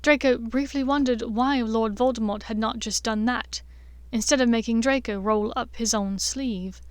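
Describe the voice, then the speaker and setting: A woman's voice: fairly high pitch, fairly even intonation, moderate pace, clear, resonant tone, no room sound. Dry, close-miked woman narrator. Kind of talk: fan-fiction audiobook narration.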